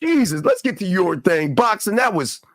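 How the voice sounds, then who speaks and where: A man's voice: high voice, sing-song, normal speed, no echo. Blunt cursing male call-in host. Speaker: podcast host. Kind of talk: casual live call-in talk.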